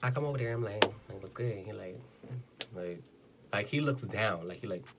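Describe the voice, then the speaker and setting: A man's voice: lowish voice, moderate pace, a bit bright, slight background noise. A young man casually telling a personal story as a vlogger, chatty, blunt and playful, full of filler words. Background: background music.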